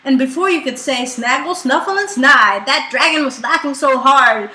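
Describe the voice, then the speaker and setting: Brief: expressive female storybook reader, bright voice, echoey home recording. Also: sits high, normal speed, few pauses. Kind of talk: reading a children's book aloud. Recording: echoey room with faint noise.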